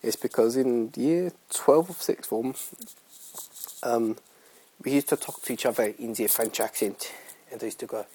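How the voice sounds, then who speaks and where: Young man, solo podcast host, husky voice, rambling with lots of ums, self-mocking. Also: mid-range voice, moderate pace, warm tone, poor audio. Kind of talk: casual solo podcast chat.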